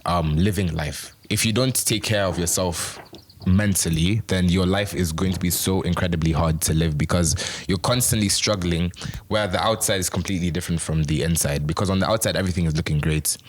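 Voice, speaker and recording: A man's voice: sits low, steady tone, a little fast. A young man co-hosting a casual panel discussion, earnest and encouraging, with faith-based advice. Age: young adult. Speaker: co-host of a youth discussion.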